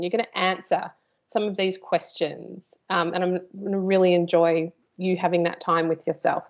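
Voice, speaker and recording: A woman with a mid-range voice leads a live online workshop, keeping things chatty and informal and tossing playful asides to her host. The recording sounds muffled.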